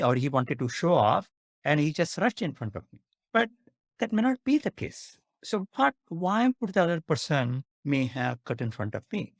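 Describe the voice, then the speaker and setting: Animated, earnest man explaining. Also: on the high side, no echo, clean studio sound. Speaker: psychiatrist guest. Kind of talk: explanatory discussion with examples.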